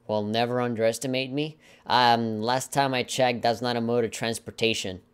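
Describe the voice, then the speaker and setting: Here a let's play commentator narrates a game's story text while sneering at it through sarcastic, mock-dramatic asides and chuckles. He has a smooth, mid-range male voice with a steady tone and moderate pace.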